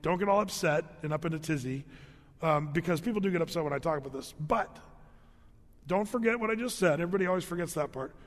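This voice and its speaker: A man's voice: on the high side, fast talker, in a large hall. A middle-aged man preaching a conversational sermon as pastor, with joking asides and repeated words.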